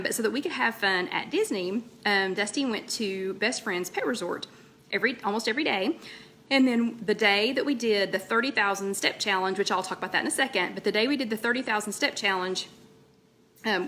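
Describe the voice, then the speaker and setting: A chatty woman with a lilt hosts a casual live stream, talking into a laptop mic. Her voice is bright and ringing, and she wanders from story to story and breaks off mid-sentence to greet viewers by name. A faint hiss of room noise sits under her voice. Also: mid-range voice, brisk. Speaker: host of a weight-loss chat livestream.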